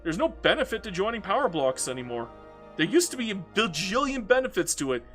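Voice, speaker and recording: A Canadian man with a fairly high voice and a Canadian accent, commentating his strategy game in a casual, ranting way. He swears freely and stumbles over repeated words. Faint music plays under his talk. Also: sing-song, fairly quick, a bit bright. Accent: Canadian English.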